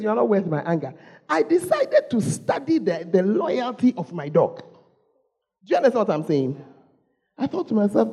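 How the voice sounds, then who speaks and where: A woman preacher with a Ghanaian English accent delivers a storytelling sermon. Her husky voice swings widely in pitch as she calls out to the congregation and repeats her points for effect. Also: dark tone.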